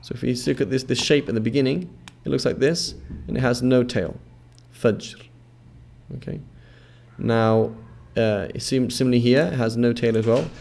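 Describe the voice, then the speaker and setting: A man teaching Arabic letter sounds, patiently repeating each sound slowly and checking with the listener as he goes. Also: medium pitch, fairly even intonation, gravelly, darkish tone. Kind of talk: instructional explanation with repeated model words.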